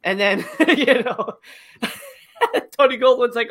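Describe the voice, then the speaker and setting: A woman's voice: medium pitch, normal speed, fairly bright tone. A woman co-hosting a casual podcast, ranting about a movie's ending in an exasperated, profane way and mocking scenes in put-on voices. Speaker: podcast co-host reviewing a movie.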